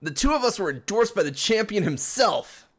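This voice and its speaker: A man's voice: sits high, very animated, normal speed, fairly bright tone, voice pushed up, exaggerated voice. A man voicing an eager, boastful teenage boy trainer in a put-on British accent. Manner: cheery, boastful.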